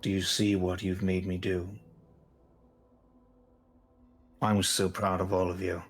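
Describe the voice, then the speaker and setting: A man's voice: sits low, completely flat delivery, brisk, husky, voice pushed down. A man voicing a solemn, stiff and fatherly male god lord who speaks in a formal, stilted way. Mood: stern.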